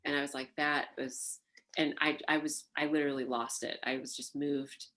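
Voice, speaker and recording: A woman, a burlesque performer, recalling her life in an oral history interview, animated and laughing, with many fillers. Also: low-pitched, normal speed. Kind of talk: reflective interview storytelling.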